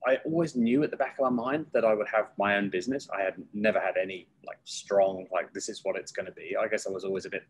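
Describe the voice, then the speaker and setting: A middle-aged man speaks as a guest in a relaxed interview. His voice is low and a little husky. He tells stories with lively energy and slips into acted voices when he quotes people. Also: fast, few pauses, rough recording. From United Kingdom. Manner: lively storyteller who acts out quoted voices. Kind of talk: casual interview storytelling.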